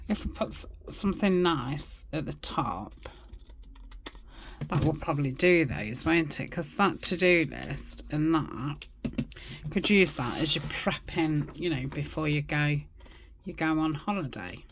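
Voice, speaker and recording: Middle-aged woman, low unhurried voice, rambling crafting chat with muttered asides, faint noise behind. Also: lively intonation, gravelly. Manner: rambling, chatty, murmurs asides to herself. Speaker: craft channel host. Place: home crafting desk.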